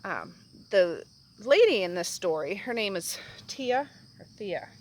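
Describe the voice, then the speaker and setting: A woman hosting a casual book chat, rambling and animated as she recaps a story. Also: medium pitch, measured pace, poor audio. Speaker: book review host.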